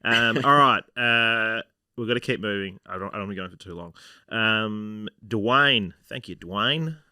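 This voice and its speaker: Bright, dry-voiced podcast host. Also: male voice, lowish voice, normal speed, clear, resonant tone, dry recording. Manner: relaxed, laughing, hesitant. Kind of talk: casual podcast chat.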